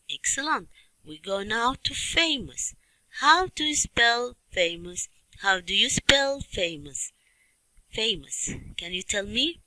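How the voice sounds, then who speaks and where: A woman teaching a children's English lesson, speaking slowly and clearly and repeating questions and word drills. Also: fairly high pitch, animated, bright, forceful tone, dry recording, low-quality recording. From Libya. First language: Arabic.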